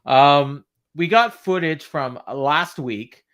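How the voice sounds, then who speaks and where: A man's voice: fairly high pitch, slow pace, a bit bright. A man co-hosting a livestream podcast, chatting casually, laughing often and answering viewer comments. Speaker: podcast co-host. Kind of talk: casual livestream recap chat.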